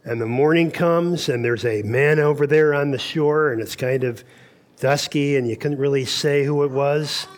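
A man's voice: on the high side, moderate pace. A man preaching a sermon at a camp meeting, telling Bible stories and acting out the dialogue. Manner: storytelling, acts out dialogue in quotes.

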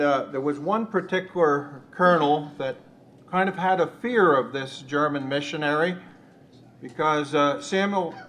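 A man in a Bible study, slowly recounting a missionary story with many pauses and fillers. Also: fairly high pitch, fairly bright tone, a little hiss or hum. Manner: slow, measured storytelling with frequent uh fillers.

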